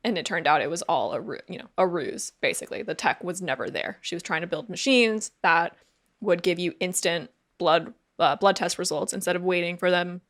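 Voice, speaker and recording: Woman, podcast co-host, casual chat, lowish voice, chatty, many fillers. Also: a little fast, a bit bright.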